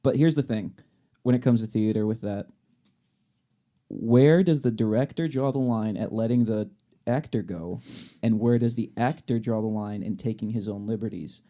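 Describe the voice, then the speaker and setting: A young man co-hosting a podcast in casual chat, an animated, jokey talker. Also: fairly low pitch, moderate pace. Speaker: podcast co-host.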